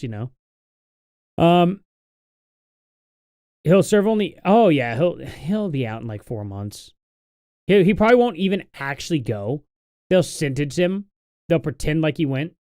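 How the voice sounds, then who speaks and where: A man's voice: fairly high pitch, darkish tone, clear, resonant tone, no echo, clean studio sound. A young adult man hosting a casual live stream, talking in a tired, rambling, sarcastic way.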